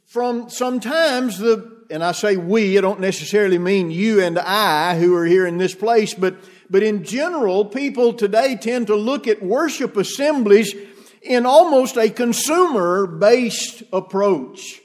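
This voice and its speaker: A man preaching a sermon to his congregation as their minister, talking in a measured, deliberate way and posing rhetorical questions. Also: sits high, lively intonation, darkish tone. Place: church.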